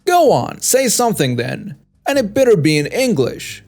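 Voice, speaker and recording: A man's voice: high-pitched, very animated, normal speed, vocal fry, darkish tone, soft background music, voice pushed up, exaggerated voice. A man voicing a rude, entitled mother who snaps at people with contempt. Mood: scornful demanding. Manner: snapping, contemptuous. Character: rude entitled mother, middle-aged woman, shrill and scornful.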